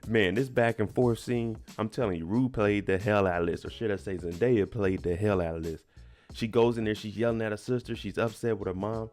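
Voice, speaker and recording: A man's voice: fairly low pitch, steady tone, a little fast, darkish tone, soft background music. A man casually recapping a TV episode, retelling it emphatically with slang. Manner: chatty, emphatic retelling with slang and little laughs. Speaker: TV recap host.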